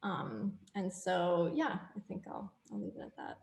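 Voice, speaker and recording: A woman's voice: fairly low pitch, a little slow, creaky, darkish tone. A woman panelist on a video call, talking in an earnest, reflective way. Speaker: panelist, biomedical researcher. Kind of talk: casual panel talk. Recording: roomy webinar audio.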